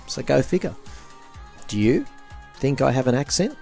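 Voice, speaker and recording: A man's voice: mid-range voice, very animated, normal speed, gravelly, dark tone, soft background music. A man with an Australian accent hosting a casual chat show, joking and self-mocking and laughing often. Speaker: podcast host.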